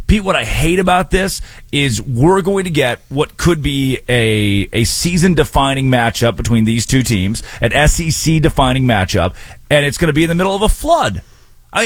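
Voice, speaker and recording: A man's voice: mid-range voice, dry recording. A man hosting a sports talk radio show, giving betting picks and college football takes with a wry, sarcastic edge. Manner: wry, sarcastic, brisk delivery.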